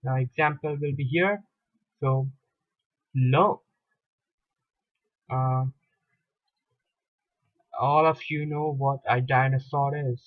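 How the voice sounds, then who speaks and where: A man teaching a French grammar lesson, talking slowly and deliberately with frequent pauses and repetitions. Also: medium pitch, steady tone, narrow, tinny audio. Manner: deliberate, hesitant with fillers and repetitions. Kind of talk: slow lecture explaining grammar at a board.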